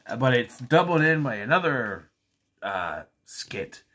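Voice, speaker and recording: A man reviews a children's film in a loose, rambling way, hesitating and stumbling over fillers. His pitch swings up and down in an animated way. He sits at a middle pitch for a man. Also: measured pace. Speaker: movie reviewer. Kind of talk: casual movie review.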